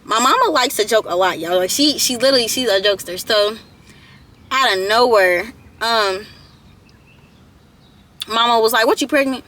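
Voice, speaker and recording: Bright, chatty teen woman vlogger. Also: a little high, normal speed, long pauses. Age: late teens. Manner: chatty, addresses viewers as y'all, repeats herself. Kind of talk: storytime vlog.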